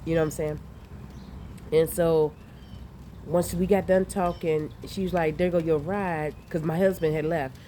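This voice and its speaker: A woman with a slightly low, mellow voice tells a story casually outdoors. She talks in an animated way, swears freely and laughs often. Faint rain and outdoor sounds are heard in the background. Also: normal speed, long pauses, slight background noise. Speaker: vlogger recounting dreams. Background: rain and outdoor ambience.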